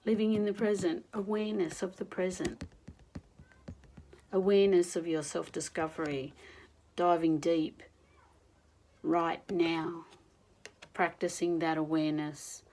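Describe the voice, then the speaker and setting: A woman doing an oracle card reading in a gentle, reflective, encouraging manner. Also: fairly low pitch, fairly even intonation, unhurried, pauses often, slight background noise, poor audio. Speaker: spiritual card reader.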